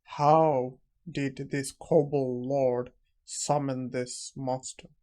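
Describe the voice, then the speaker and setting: Cold young necromancer, confident and calm , read by a man, low-key, dark tone; recap storybook hero. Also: drawn-out words.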